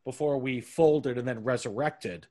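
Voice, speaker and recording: A man's voice: medium pitch, measured pace, darkish tone. A man hosting a casual podcast chat, teasing his co-hosts with playful banter. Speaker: podcast host.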